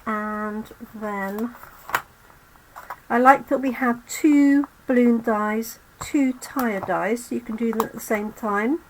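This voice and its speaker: A woman's voice: fairly high pitch, fairly even intonation, takes it slowly, slight background noise, rough recording. A woman hosting a live card-making demo, losing her voice, chatting to viewers as she works. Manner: chatty, talks to viewers while working. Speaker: crafting channel host.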